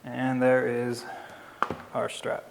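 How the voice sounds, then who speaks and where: A man with a Philadelphia accent giving a relaxed, step-by-step crafting tutorial while he works. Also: mid-range voice, extremely slow, gravelly, in a large hall, heavy background noise. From Philadelphia area. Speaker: leathercraft instructor. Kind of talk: casual how-to tutorial.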